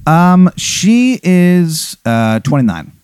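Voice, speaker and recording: A man's voice: on the high side, very animated, slow pace, darkish tone, clear, resonant tone, dry recording. A man improvising a comic story, rambling and acting out what other characters say.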